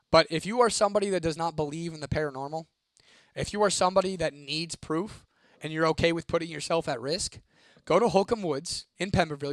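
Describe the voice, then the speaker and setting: A young man tells his viewers a spooky story, swearing freely and keeping it lively. His voice sits a little high for a man, and the sound is dry and close with no room echo. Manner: profane, animated, reads a viewer comment aloud. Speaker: host.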